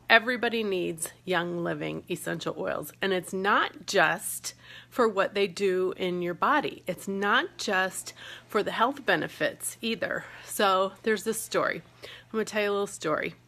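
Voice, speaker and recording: A woman's voice: mid-range voice, a bit bright. A woman talking casually to her phone camera in a hotel room, telling a story in a chatty way. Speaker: vlogger.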